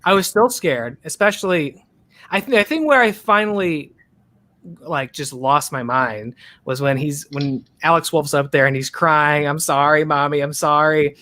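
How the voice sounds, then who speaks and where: A woman in a casual podcast chat, talking haltingly and restarting her sentences. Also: low-pitched, lively intonation, a bit bright.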